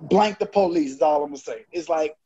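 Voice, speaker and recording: A man's voice: a little high, fairly quick, crowd noise. A man co-hosting a podcast, telling a personal story casually and acting out the dialogue. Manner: animated, acts out dialogue. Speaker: podcast co-host. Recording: dull lo-fi podcast audio.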